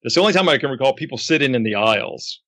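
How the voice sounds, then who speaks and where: A man in his regular role as a podcast host, chatting casually with his guest. He tells stories with energy and slips into other people's voices when quoting them. His pitch sits in the middle range. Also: racing. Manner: animated storyteller, acts out quotes. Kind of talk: casual interview chat.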